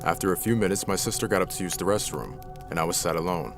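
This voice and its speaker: A man's voice: sits low, expressive, fast talker, gravelly, over music. A man narrating true scary stories in the first person, reading them dramatically. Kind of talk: scripted horror story narration.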